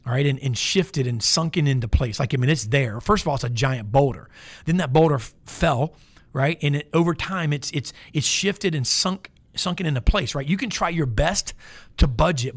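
A pastor delivering a sermon in a conversational, emphatic way, repeating words and joking in asides. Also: male voice, fairly high pitch.

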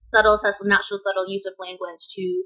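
A woman's voice: mid-range voice, level tone, brisk, pushed and bright, low-quality recording. A woman co-hosting a podcast in casual chat, chatty and opinionated, laughing often. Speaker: podcast co-host.

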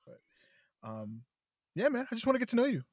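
A man's voice: very high voice, huge pitch swings, brisk, no echo, clean studio sound. A young man hosting a podcast who talks in a friendly, rambling way with many fillers as he interviews his guest. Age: young adult. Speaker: podcast host. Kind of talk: casual podcast talk and interview.

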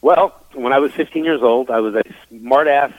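A man's voice: mid-range voice, normal speed, no room sound. A man from New York, a psychic medium, telling his story in a casual interview, frank and full of fillers. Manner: chatty, frank, many fillers, acts out quoted dialogue. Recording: dry tinny phone-like line.

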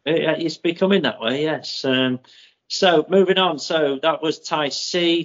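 A man co-hosting a running podcast, working through race results in a steady, methodical way with plenty of ums. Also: fairly high pitch. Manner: methodical, with many ums and drawn-out names. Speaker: podcast co-host. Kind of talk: casual chat, reading out running results. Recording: muffled lo-fi audio.

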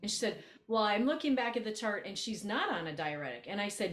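A woman co-hosting a podcast, telling a story in casual chat, blunt and animated, acting out both sides of a conversation. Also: mid-range voice, brisk, hardly any pauses, reverberant. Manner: animated, blunt, acts out quoted exchanges. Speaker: podcast co-host, coach.

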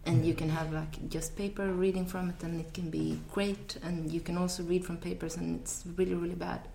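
A woman's voice: lowish voice, level tone, brisk, vocal fry, dark tone, reverberant, slight background noise. A woman poet speaking on a panel, plainspoken and repeating her points. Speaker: spoken word poet on a panel. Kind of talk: panel discussion.

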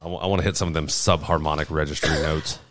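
A man co-hosting a podcast, chatting casually in a dry, halting way and reading news items aloud. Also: rumbling low, steady tone, fairly bright tone, a little hiss or hum. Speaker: podcast co-host.

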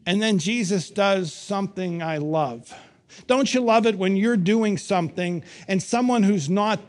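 A middle-aged man preaching a sermon, telling stories with wry humor and emphatic pauses. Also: high voice. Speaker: pastor.

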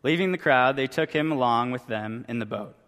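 A man's voice: mid-range voice, fairly quick, fairly bright tone. A young man, a youth pastor, giving a casual sermon with a chatty, joking story. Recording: long reverb from a hall.

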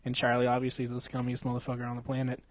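A man's voice: medium pitch, monotone, very fast, no echo. Profane laughing young man, dry close mic. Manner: profane, laughs often, slangy. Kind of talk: crude casual banter.

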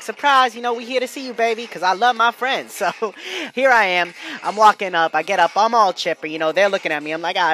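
A man hosting a podcast, telling a story in a casual, slangy, animated way with frequent laughs. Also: high-pitched. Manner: animated, slangy, laughing often, loud bursts. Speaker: podcast host.

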